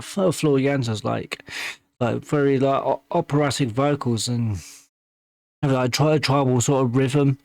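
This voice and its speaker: A man at a middle pitch talks through a music reaction in a loose, casual way. He trips over his words and restarts often, but his enthusiasm comes through. The sound is dry and close, with no room echo. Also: creaky. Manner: halting, full of restarts and fillers, enthusiastic.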